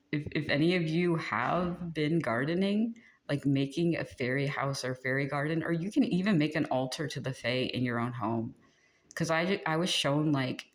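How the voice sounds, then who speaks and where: Giggly, rambling channeled tarot reader. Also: medium pitch. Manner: rambling, many "like" fillers, prone to giggling. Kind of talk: casual spoken spiritual reading.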